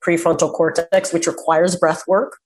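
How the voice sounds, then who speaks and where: A woman speaks as a guest in a relaxed interview, with a slightly low voice. She is earnest and emphatic, slowing down to stress her main points. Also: poor audio. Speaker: guest, communication coach. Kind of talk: casual interview chat.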